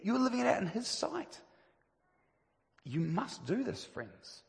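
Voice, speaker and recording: A man's voice: high-pitched, very animated, a little slow, gravelly. A man preaching a sermon, emphatic and full of rhetorical questions. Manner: emphatic, rhetorical questions, rising to stress key phrases. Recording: long reverb of a church hall.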